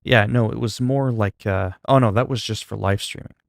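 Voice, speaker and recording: A man chatting casually with viewers on a live stream, calm and low-key, with a delivery some find sleepy. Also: gravelly, no room sound. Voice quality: sleepy-sounding, flat delivery. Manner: low-key, calm and unhurried, not hyped. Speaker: livestreamer.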